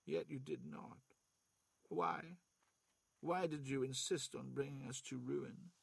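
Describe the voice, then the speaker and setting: Man reads a bitter frail old man, husky, slow and heavy, defiant. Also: mid-range voice, sing-song, dry recording, exaggerated voice.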